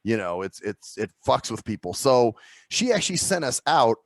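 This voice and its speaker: Gravelly, lively male podcast host. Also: medium pitch, normal speed, no room sound. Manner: laughs along, loose filler-heavy questions. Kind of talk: casual interview chat.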